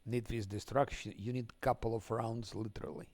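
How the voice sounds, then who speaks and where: Gravelly man cursing at a game. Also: mid-range voice, steady tone, moderate pace, a little mellow, dry recording. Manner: swears angrily, mutters under breath. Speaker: game streamer. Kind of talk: live gameplay commentary.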